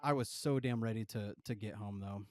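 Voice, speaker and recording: A man's voice: fairly low pitch, fairly quick, no room sound, studio quality. A man co-hosting a podcast, telling a rambling, profane travel story full of fillers. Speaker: podcast co-host. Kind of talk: casual storytelling.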